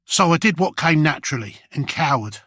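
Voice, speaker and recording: A man reading first-person audiobook narration in a rough, slangy voice as a nervous little goblin. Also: a little high, expressive, brisk, bright, forceful tone, no room sound.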